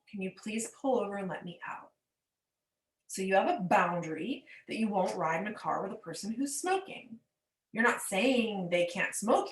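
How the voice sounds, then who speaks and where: A woman coach talks through her lesson with patience, leaning on everyday examples and pausing to check that the listener is following. Her voice sits at an ordinary middle pitch. The recording carries a noticeable roomy echo. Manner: checks in with "okay?". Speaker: forgiveness coach. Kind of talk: teaching monologue.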